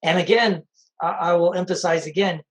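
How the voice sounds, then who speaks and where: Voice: medium pitch, steady tone, normal speed, rough recording. Conversational sobriety coach giving advice. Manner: conversational, repeats key advice. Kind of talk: casual spoken advice talk.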